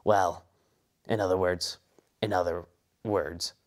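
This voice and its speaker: A man's voice: deep voice, fairly even intonation, slow pace. A young man voicing a boastful, arrogant young rich male duelist in a comedy parody, talking smugly about himself. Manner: smug, bragging.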